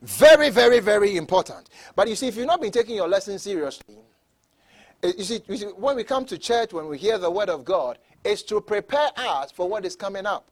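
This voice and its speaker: Animated high-voiced preaching pastor. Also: male voice, brisk. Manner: repeats words, stammering restarts, laughs between points; swings from soft asides to loud emphatic preaching. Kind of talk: sermon.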